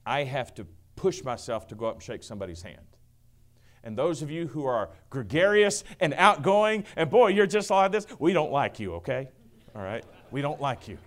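A middle-aged male pastor preaching a sermon, booming then dropping to a hush, acting out quoted voices. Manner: swings from booming to hushed, acts out quotes.

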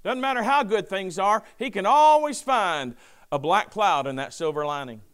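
Brief: male pastor, sermon delivery, high and animated, smooth clear voice. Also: normal speed. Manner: lively preaching with asides and quoted scripture.

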